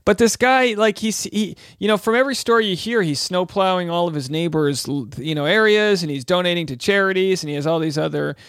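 A man's voice: high-pitched, brisk, hardly any pauses, a bit bright, smooth, no echo, studio quality. A man hosting a casual news podcast, chatty and upbeat, who laughs easily. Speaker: podcast host and stand-up comic.

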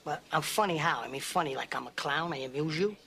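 An actor playing a menacing, hot-tempered gangster in a film scene, needling and profane. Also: male voice, fairly high pitch, fast, gravelly, bright, forceful tone, a little hiss or hum.

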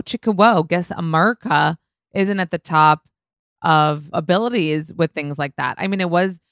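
A young woman with an Israeli accent talks on her solo podcast, rambling and swearing with "like" at every turn. Her voice sits low with a gravelly fry. It is smooth and close, with a dry sound. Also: no echo. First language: Hebrew. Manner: chatty, swearing, heavy use of "like". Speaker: podcast host.

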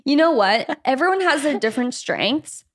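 High-voiced young woman ranting and laughing. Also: animated, moderate pace. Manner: emphatic, ranting, laughs often. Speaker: podcast co-host. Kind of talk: casual chat.

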